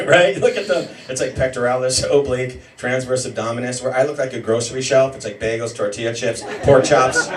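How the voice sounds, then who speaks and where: A man in his forties doing a self-deprecating stand-up comedy set, yelling during some bits. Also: fairly high pitch. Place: comedy show in a homemade bar. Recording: roomy, mic heard from a distance, noisy room.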